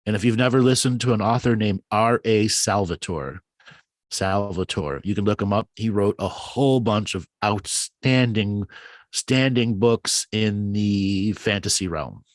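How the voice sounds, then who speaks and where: A man's voice: fairly low pitch, a little slow, no room sound, studio quality. A man hosting a casual live call-in chat, rambling and enthusiastic, often restarting his words. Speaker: show host.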